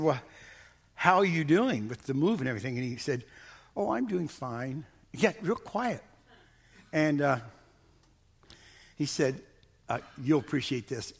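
Folksy man preaching a sermon. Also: on the high side. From Missouri. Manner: folksy, repeats words, rising emphatic bursts. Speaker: pastor.

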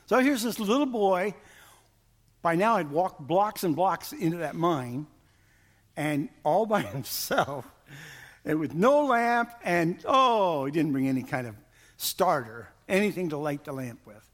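A man telling a story to a live audience in a lively, animated way, acting out the lines he quotes. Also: on the high side, a little slow. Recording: long hall reverb.

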